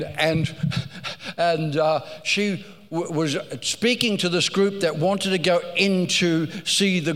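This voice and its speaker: Male preacher, fairly high voice, slow unhurried delivery, animated storytelling sermon, hall reverb. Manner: animated, storytelling with rising emphasis and repeated phrases.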